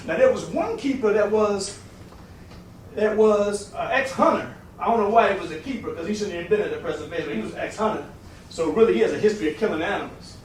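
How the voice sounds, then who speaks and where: Man, very high voice, casual animated storyteller; distant mic, strong room echo. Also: fast, slight background noise. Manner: animated, acts out quotes with big pitch jumps and shouts. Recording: very echoey room, recorded from a distance.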